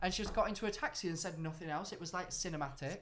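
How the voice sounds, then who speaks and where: A man's voice: sits high, a little hiss or hum. A man co-hosting a podcast, chatting casually and telling stories with lots of restarts and laughs. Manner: animated storytelling, quick restarts, frequent laughs. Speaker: podcast co-host. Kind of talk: casual chat.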